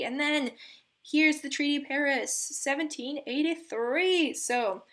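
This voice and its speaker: A woman's voice: sits high, normal speed. Chatty young woman explaining history. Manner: chatty, filler-heavy with frequent um and like, giggly asides. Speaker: student presenter.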